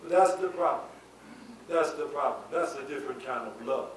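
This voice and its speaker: High-voiced man preaching in an echoey hall. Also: moderate pace. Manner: builds to shouted emphasis, asks the audience rhetorical questions. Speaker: spiritual leader giving a lecture. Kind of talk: preaching lecture. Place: lecture hall before an audience. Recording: echoey hall, voice from far off, faint hiss.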